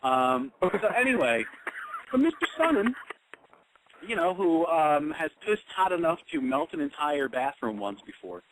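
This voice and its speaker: A man's voice: a little high, very animated, a little slow, a bit bright, slight background noise, low-quality recording. A man co-hosting an internet radio talk show in casual chat, hesitant and full of ums and you-knows.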